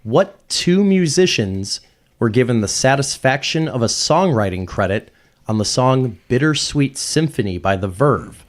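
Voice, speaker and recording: A man acting as quiz host, reading out listener questions and confirming answers in a brisk, upbeat way. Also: medium pitch, expressive.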